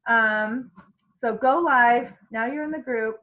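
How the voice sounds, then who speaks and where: A woman with a fairly high, sharp-toned voice speaks slowly over lo-fi sound. She leads a casual sales training on a group call, chatting away with plenty of fillers and restarts and acting out quotes.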